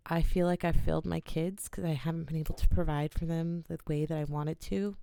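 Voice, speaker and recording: A woman, an oracle card reader, gently and earnestly talking viewers through a ritual in a small home studio in her bedroom. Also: deep voice, steady tone, brisk, gravelly, few pauses, dry recording. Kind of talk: casual guided ritual talk.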